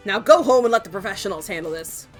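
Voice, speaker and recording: A woman voicing a gruff, impatient male police detective in a game, curt and scolding. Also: medium pitch, lively intonation, fast talker, soft background music, close to an everyday voice. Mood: scornful.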